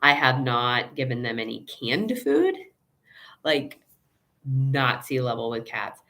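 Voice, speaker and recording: A woman's voice: extremely low pitch, very animated, slow pace, fairly bright tone. A woman veterinarian hosting a casual live Q&A, chatty and rambling, with asides and acted-out quotes. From Chicago area, USA.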